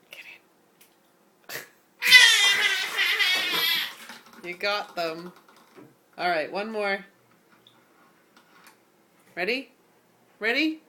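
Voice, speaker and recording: A woman's voice: medium pitch, drawn-out words, long pauses, heavy background noise. A mother in her bathroom at bath time, patiently coaxing her toddler to say words, repeating prompts in a sing-song way. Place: home bathroom by the bathtub.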